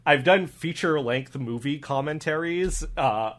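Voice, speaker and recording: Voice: mid-range voice, a little slow, a little hiss or hum. A podcast guest chatting casually, hesitant, with many "uh"s. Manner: hesitant, trailing off with "uh". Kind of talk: casual chat.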